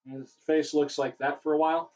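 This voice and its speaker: A man's voice: fairly high pitch, flat delivery, normal speed, a little mellow, highs cut off. A man hosting a casual livestream Q&A, rambling and correcting himself, his voice getting worn. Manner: rambling, self-correcting, chatty. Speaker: livestream host answering questions.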